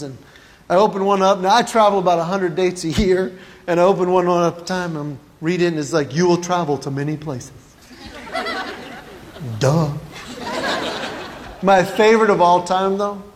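A man's voice: high voice, fairly even intonation, a little fast, some chatter behind. A man performing a stand-up comedy routine, telling stories with quoted dialogue and chuckling at his own jokes. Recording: long hall reverb, faint ambient noise.

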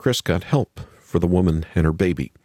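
A man hosting a radio program, narrating a scripted story in a measured way. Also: low-pitched, warm tone, dry recording, clean studio sound.

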